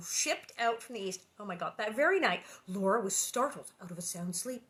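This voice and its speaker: A woman's voice: mid-range voice, expressive, normal speed, fairly bright tone. A woman reading a children's book aloud with gushing, giggly asides. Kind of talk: storybook reading with chatty asides.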